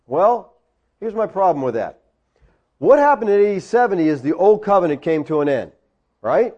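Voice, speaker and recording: A man's voice: sits high, big pitch swings, normal speed, a little mellow, muffled recording. A man delivering a teaching sermon, explaining words from the Greek and driving points home with rhetorical questions. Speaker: preacher.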